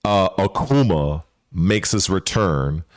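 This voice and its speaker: Male gaming host, lowish voice, dry close sound, loose and profane speculative riffing. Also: animated, slow, no echo. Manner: rambling and profane, with frequent restarts. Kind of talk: casual speculative commentary.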